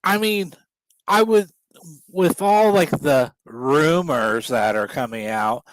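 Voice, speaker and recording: A man co-hosting a wrestling show, talking in a halting way with lots of fillers. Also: a little high, expressive, a little hiss or hum, poor audio. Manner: halting, filler-heavy talk. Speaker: co-host. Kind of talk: casual chat.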